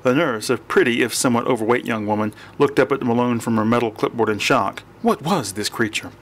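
A man narrating an audiobook in a dry, measured reading voice. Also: mid-range voice, fairly even intonation.

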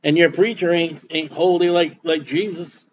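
A man's voice: on the high side, fairly even intonation, normal speed, dull audio, a little hiss or hum. A man preaching a sermon as pastor, folksy and repetitive, reading scripture aloud between his comments. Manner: folksy preaching with repeated words and Bible reading.

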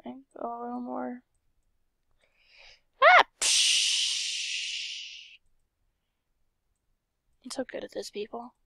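Young female let's-player, excitable, chatty, dips into whispers; high, lively voice, dry close mic. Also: extremely slow, gravelly, pauses often, no echo. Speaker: gaming channel host. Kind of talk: casual game commentary.

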